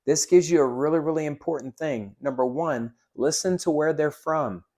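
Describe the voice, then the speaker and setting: A man's voice: on the high side, moderate pace, darkish tone. A man teaching sales greetings in an upbeat, coaching manner, now and then acting out sample lines. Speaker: sales trainer. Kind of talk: instructional talk with role-play demos.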